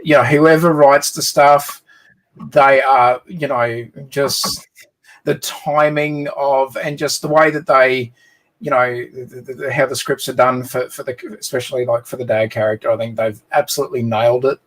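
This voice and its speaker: A friendly Australian man chats as a livestream guest. His voice sits at an ordinary middle pitch. He talks in a halting way, full of ums and restarts. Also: steady tone, fairly bright tone, low-quality recording. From Sydney, Australia. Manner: friendly, halting, many fillers. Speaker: guest co-builder. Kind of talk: casual chat.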